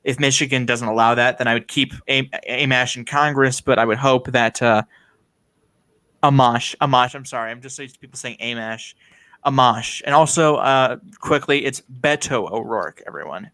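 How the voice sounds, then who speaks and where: Bright-voiced man with blunt political opinions. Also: mid-range voice, a little fast, hardly any pauses. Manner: opinionated, frequent fillers and restarts. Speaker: political discussion host. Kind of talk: casual political discussion.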